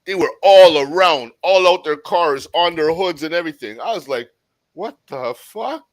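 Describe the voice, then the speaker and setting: A man's voice: fairly high pitch, normal speed, rough recording. Laid-back male panelist telling stories. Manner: laid-back anecdotal storytelling. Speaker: podcast panelist. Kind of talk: casual panel chat.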